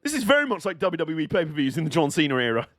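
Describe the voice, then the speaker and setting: High-voiced, excitable man. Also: rapid-fire, no room sound, clean studio sound. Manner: excitable, sweary, laughs often. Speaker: streamer. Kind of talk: live watch-along race commentary.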